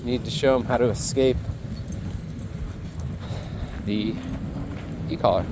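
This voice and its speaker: A man's voice: mid-range voice, steady tone, slow, noisy background. A man working as a dog trainer outdoors in a field, talking casually and praising the dog in an upbeat, cheerful voice.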